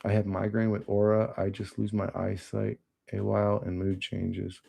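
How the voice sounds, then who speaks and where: A man's voice: fairly low pitch, monotone, normal speed, creaky, warm tone, husky. A man on a livestream, reading chat comments and answering them in blunt, profane, rambling talk.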